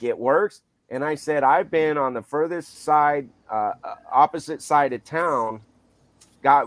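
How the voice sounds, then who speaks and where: A man's voice: medium pitch, no room sound. A man co-hosting a casual car show, chatting at length with frequent repeats and restarts. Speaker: show co-host. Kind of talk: casual chat.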